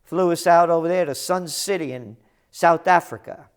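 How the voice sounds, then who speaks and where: An older man hosting a trends commentary show, delivering a combative, sarcastic ranting monologue that breaks into shouted insults. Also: on the high side, moderate pace, clear, resonant tone.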